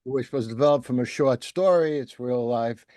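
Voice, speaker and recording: Male interviewer, mid-pitched, digressive, dry recording. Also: moderate pace, warm tone, no room sound. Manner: rambling, digressive. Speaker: host interviewer. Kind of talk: conversational interview.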